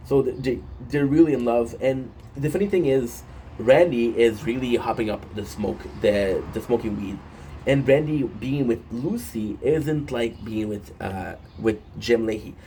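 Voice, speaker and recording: A man's voice: medium pitch, measured pace, mellow, a little hiss or hum. A man casually recapping a show episode on his phone, rambling with many fillers and restarts and swearing often.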